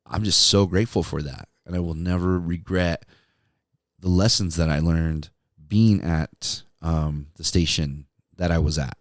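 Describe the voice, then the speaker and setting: Deep-voiced man telling laid-back stories. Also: no room sound, clean studio sound. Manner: laid-back, laughs a lot, says "dude" and "man". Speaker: podcast host, former radio DJ. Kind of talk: casual storytelling monologue.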